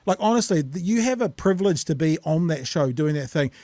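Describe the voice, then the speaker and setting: A man's voice: a little high, expressive, a little fast, dark tone, dry recording. A man with a New Zealand accent co-hosting a casual political chat, blunt and swearing freely as he gets heated. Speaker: podcast co-host.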